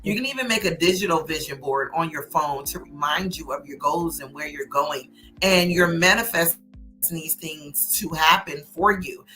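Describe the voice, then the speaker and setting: A woman hosts a casual talk show and gives encouraging, sermon-like advice about faith and goals. Her voice is bright and forceful, with faint music playing behind her. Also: sits low, normal speed. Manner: preachy, motivational, speaks of God and manifesting. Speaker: host.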